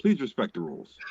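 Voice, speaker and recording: A man's voice: sharp tone, a little hiss or hum. A man co-hosting a casual show, reading meme captions aloud with wry, swearing asides. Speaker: co-host. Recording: dull lo-fi call audio, dry.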